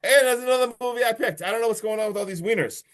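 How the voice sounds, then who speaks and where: A man casually recapping a horror movie on a podcast, excitable and profane, often laughing. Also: very high-pitched, rapid-fire. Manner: excitable, profane, recounts plot with swearing and laughs. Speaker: podcast host. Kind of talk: casual movie review chat.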